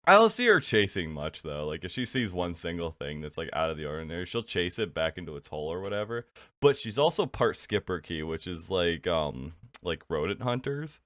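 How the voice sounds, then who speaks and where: A man with a low voice that still swings widely in pitch, chatting loosely on a casual podcast. He laughs often and rambles a bit, recorded dry and close. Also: big pitch swings, brisk, fairly bright tone, no echo. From New York State, USA. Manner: laid-back, laughs a lot, loose and rambling. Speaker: podcast co-host. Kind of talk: casual chat.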